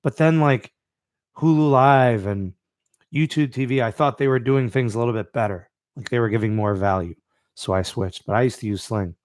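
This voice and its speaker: A man's voice: mid-range voice, moderate pace, darkish tone, no echo, clean studio sound. Laid-back man hosting a live podcast. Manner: laid-back, reads out live chat, many fillers. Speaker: podcast host. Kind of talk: live-stream podcast chat.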